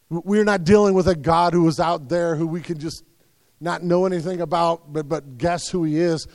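A man preaching a sermon in an earnest way, repeating words and swinging between loud and soft. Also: on the high side, moderate pace, no echo, big-room sound. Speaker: pastor.

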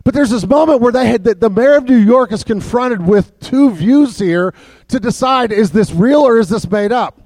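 A man preaching a sermon as pastor, in a conversational way with many fillers and restarts, dropping soft and low for emphasis. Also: expressive, moderate pace, no echo.

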